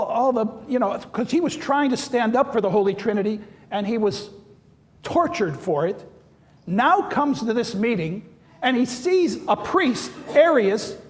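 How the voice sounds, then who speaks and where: A male priest giving a sermon, telling stories with animated, acted-out quotes. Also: high voice. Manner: animated storytelling, acts out quoted voices. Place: large church. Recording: long church reverb.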